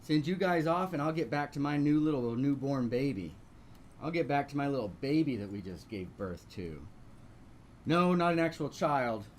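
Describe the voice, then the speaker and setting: A painting instructor with a mid-range voice teaches live online, narrating each step and asking rhetorical questions. Slight background noise can be heard.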